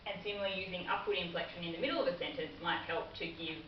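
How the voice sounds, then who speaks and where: Racing along in a fairly low voice, a woman trainer delivers a workplace communication lesson, explaining things warmly as classroom training talk. A distant mic captures her in a training room, giving a dull, roomy sound with slight background noise.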